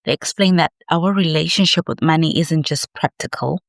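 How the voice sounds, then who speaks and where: A woman's voice: deep voice, normal speed, creaky, no echo, studio quality. A woman in her thirties talking to camera in a reflective late-night vlog, personal and emphatic. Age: 30s. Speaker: vlogger.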